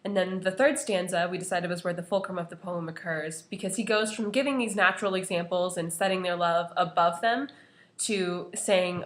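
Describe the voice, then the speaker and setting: A woman's voice: on the low side, normal speed. A young woman presenting an analysis of a poem to her class, earnest and full of "you know" fillers. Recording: echoey room.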